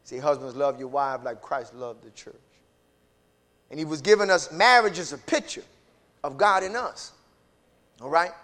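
High, bright-voiced preacher. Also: male voice, moderate pace, pauses often. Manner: preaching, swinging from low asides to shouted climaxes; acts out dialogue between God and Hosea in character. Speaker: pastor. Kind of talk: sermon.

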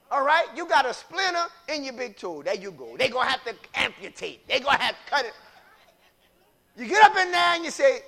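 A man preaching a sermon with call-and-response phrases, repeating lines and building into shouts. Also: very high-pitched, big pitch swings, brisk, creaky.

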